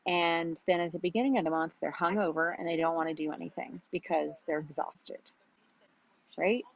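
A chatty woman coaches her team, her lowish voice gravelly with fry. She slips into bubbly quoted asides. The audio is dull and lo-fi. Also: normal speed. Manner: chatty, animated, laughs often, quotes herself in bubbly voice. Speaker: business coach. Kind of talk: casual coaching talk.

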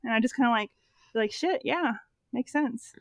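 A woman's voice: on the high side, expressive, normal speed, creaky, no room sound. A woman in her thirties chatting casually on a podcast, rambling with lots of fillers and swearing freely. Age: 30s. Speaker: podcast co-host. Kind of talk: casual movie recap chat.

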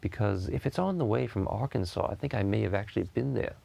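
A man's voice: lowish voice, fast talker, vocal fry, dark tone, husky. A man in his thirties hosting a podcast in casual chat, rambling with lots of restarts and free swearing. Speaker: podcast host.

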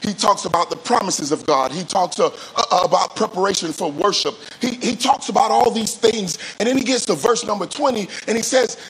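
High-voiced man preaching call-and-response. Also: a bit bright, slightly rough, rough recording. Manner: call-and-response preaching, drawn-out emphatic phrases; repeats words and restarts mid-phrase. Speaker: pastor. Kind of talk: sermon.

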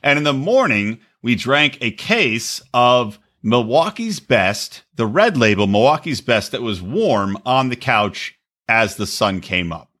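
A man's voice: medium pitch, big pitch swings, a little slow, fairly bright tone. A man co-hosting a podcast in casual chat, crude and mocking, acting out quotes in silly voices. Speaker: podcast co-host.

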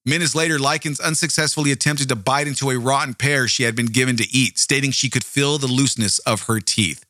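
Narrating a true-crime case with commentary, this host reads the details and keeps cutting in with crude, blunt remarks aimed at his audience. He speaks fairly quickly in a mid-range, fairly even, bright and forceful voice, with no room sound and a clean studio quality.

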